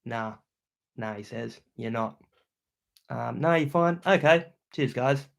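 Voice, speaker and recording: A young adult man with an Australian accent, chatting loudly and casually on a livestream as he reads out viewer comments, full of slang. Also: mid-range voice, slow, creaky. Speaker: YouTuber hosting a livestream.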